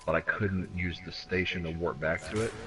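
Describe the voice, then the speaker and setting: A man's voice: low voice, steady tone, moderate pace, far from the mic, noisy background. A man co-hosting a casual gaming stream, rambling and swearing, often restarting his sentences. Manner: rambling, profane, frequent restarts. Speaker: stream co-host.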